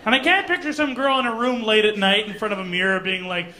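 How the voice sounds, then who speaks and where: A man from Canada doing a stand-up comedy set in a comedy club, mostly deadpan, with sudden loud put-on voices. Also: high-pitched, quick pace, hardly any pauses.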